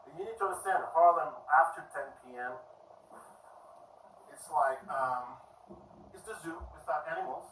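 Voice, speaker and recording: A middle-aged man from Switzerland with a Swiss French accent, doing an animated stand-up comedy set and acting out characters. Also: on the high side, moderate pace, pauses often, reverberant, distant mic, slight background noise, low-quality recording. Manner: animated, acts out characters with yells and cries. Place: comedy club stage.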